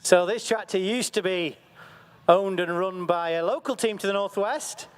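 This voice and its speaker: A man giving excitable, jokey live commentary at an outdoor event. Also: high voice, normal speed, smooth. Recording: faint outdoor background noise.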